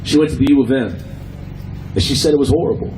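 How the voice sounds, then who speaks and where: A man's voice: mid-range voice, quick pace, a little mellow, rough recording. Guy talking at a street rally, sarcastic and pointed, cars going by. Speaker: protest speaker, actor. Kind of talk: rally speech. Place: outdoor protest by a street. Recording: outdoor street with traffic noise.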